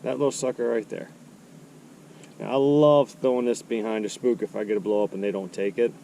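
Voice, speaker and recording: A man giving casual fishing tips, explaining his approach step by step in a relaxed way. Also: mid-range voice, a little fast, gravelly, slight background noise. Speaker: angler.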